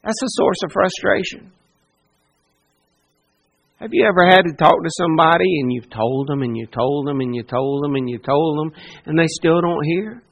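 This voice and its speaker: High-voiced impassioned male preacher. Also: moderate pace, gravelly, fairly bright tone, breathy edge, low-quality recording. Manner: impassioned, repetitive preaching with dramatic quoted speech. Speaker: pastor. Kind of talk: sermon.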